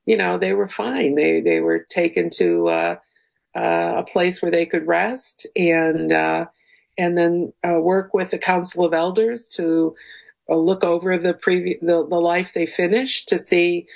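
A woman guest on a radio show, speaking calmly and earnestly with hesitant fillers. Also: lowish voice, measured pace, creaky, poor audio. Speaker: guest researcher. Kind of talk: radio interview.

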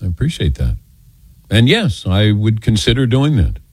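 An older man hosts a call-in radio show from a studio mic, his voice lively and swinging up and down in pitch as he acts out quoted lines. The sound is close and dry, with no room around it. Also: normal speed, slightly rough, no echo. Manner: animated storyteller, acting out quotes.

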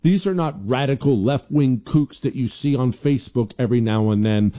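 Dark-voiced man hammering opinions home. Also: medium pitch, moderate pace, hardly any pauses. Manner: emphatic, combative, repeats points for stress. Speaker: political commentary host. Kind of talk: opinionated commentary.

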